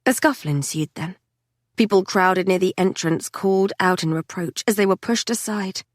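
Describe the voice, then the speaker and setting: An audiobook narrator, a woman with a middle-pitched voice, reads a dark fantasy novel aloud in a steady, measured, scripted way. The recording is dry and close, with no room sound.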